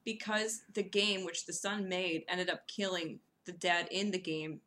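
A speaker in a casual movie discussion, calmly explaining their reading of the film. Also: mid-range voice, unhurried.

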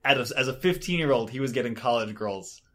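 A man's voice: medium pitch, lively intonation, fast, sharp tone, slight background noise. Man, casual podcast chat, easygoing, laughs a lot. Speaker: podcast co-host.

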